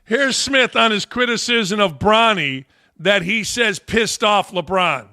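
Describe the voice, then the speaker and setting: Bright, high-pitched blunt male sports host. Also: slow pace. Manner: blunt, emphatic, rising into shouts. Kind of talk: opinionated sports talk rant.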